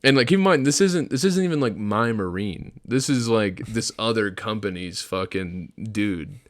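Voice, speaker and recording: A man's voice: on the low side, moderate pace, dry recording, clean studio sound. A young man, a podcast co-host, telling a story in casual chat, swearing a lot and acting out what people said. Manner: profane, animated storyteller acting out quotes.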